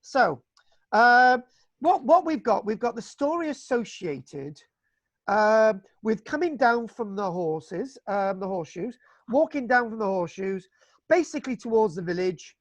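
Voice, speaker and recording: A man's voice: sits high, sing-song, unhurried, no echo. A man lecturing on local history over a video call in a chatty, folksy way, with many fillers and restarts. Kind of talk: online illustrated history lecture.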